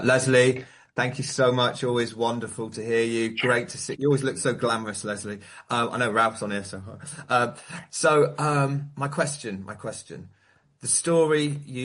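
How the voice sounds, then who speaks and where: A man's voice: fairly low pitch, a bit bright. A man at an online recovery meeting, politely and hesitantly asking a question, with many ums and restarts.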